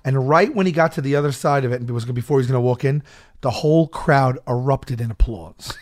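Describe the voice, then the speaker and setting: A man telling a story in casual chat, animated and laughing often, acting out shouted quotes. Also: mid-range voice, quick pace.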